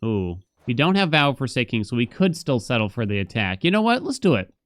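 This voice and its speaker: A man's voice: mid-range voice, big pitch swings, brisk, a bit bright, no echo. A young man casually commenting on his gameplay, thinking aloud and chatting about his life between moves. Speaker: gaming streamer.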